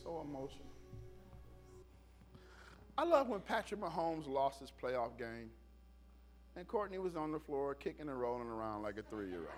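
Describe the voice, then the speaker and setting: A man's voice: mid-range voice, moderate pace, faint music behind. A middle-aged male pastor preaching a sermon, telling stories and acting out the voices of the people in them. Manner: animated storytelling, acts out voices.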